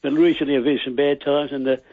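A man calling in to a radio show, husky and rambling, stumbling over his words through a tinny phone line. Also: medium pitch, little pitch movement, quick pace, a little mellow, no room sound. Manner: rambling, many restarts and stammers. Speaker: caller. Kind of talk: phone-in chat and joke telling.

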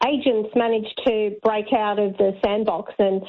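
A woman's voice: medium pitch, steady tone, a little slow. A woman calling in to a talk radio show, speaking earnestly with some hesitation. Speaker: caller. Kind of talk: phone-in call. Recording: tinny phone line.

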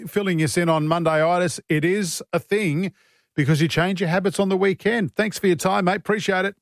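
A man's voice: high voice, fairly even intonation, fairly quick, no room sound, clean studio sound. A man with an Australian accent hosting a morning radio show, chatty and jokey. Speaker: radio host. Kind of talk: casual radio chat. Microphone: studio microphone.

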